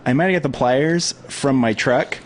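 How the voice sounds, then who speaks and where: A man's voice: medium pitch, moderate pace, a little hiss or hum. A man co-hosting a casual podcast, reacting to stories with wry comments and chuckles. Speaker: podcast co-host. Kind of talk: casual chat.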